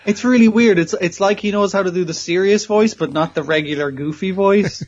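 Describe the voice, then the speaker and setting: A man's voice: sits high, brisk, darkish tone, highs cut off. A man chatting casually on a podcast, rambling and swearing a lot, laughing often. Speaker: podcast co-host. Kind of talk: casual chat about anime.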